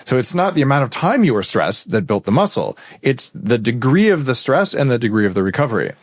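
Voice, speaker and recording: A middle-aged man hosting a podcast interview, explaining ideas in an animated, conversational way. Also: mid-range voice, dry recording, clean studio sound. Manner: animated, explanatory, quick asides. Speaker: podcast host.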